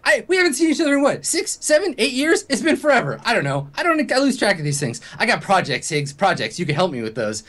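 A man voicing a loud, boisterous, hard-drinking partying man who talks in a rapid, excited ramble. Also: sits high, pitched above the performer's own voice, exaggerated voice. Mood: pushy.

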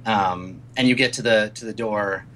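A man's voice: on the low side, normal speed, a bit bright, a little hiss or hum. A man narrating as game master of a tabletop role-play, describing scenes in a rambling way with many fillers.

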